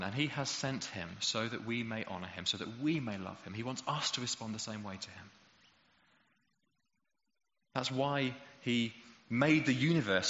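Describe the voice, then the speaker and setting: A man's voice: mid-range voice, fairly bright tone. A man preaching a sermon, emphatic and rhetorical, building to passionate peaks. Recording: dull echoey hall recording.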